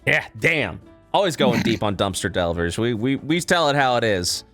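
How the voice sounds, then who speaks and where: A man's voice: medium pitch, big pitch swings, moderate pace, a bit bright, soft background music. Swearing, ranting podcast guy. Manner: ranting, swears a lot, repeats himself. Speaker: podcast co-host. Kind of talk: casual podcast chat.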